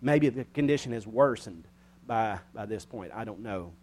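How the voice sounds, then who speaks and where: A man's voice: fairly low pitch, expressive, moderate pace, a little mellow. A man preaching a Bible study sermon in a folksy, conversational way. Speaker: pastor.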